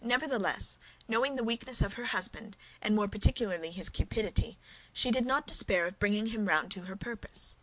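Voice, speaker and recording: A woman narrating a classic novel as an audiobook, reading in a measured, clear way. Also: mid-range voice, low-quality recording. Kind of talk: scripted narration.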